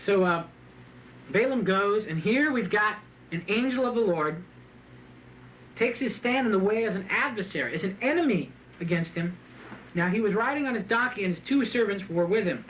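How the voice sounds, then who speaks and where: A man preaching a sermon, reading scripture and then retelling it in a joking, animated way with frequent laughs. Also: sits high, moderate pace, a little hiss or hum, rough recording. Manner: animated, joking, laughs often at his own asides; reads scripture aloud and then retells it in plain talk. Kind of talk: sermon with Bible reading and commentary.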